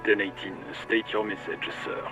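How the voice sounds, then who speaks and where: A man's voice: on the low side, steady tone, normal speed, over music, lightly acted. An actor playing a scrawny old male police radio operator with a rattly voice, a thick French accent and clipped radio code. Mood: dutiful. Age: older.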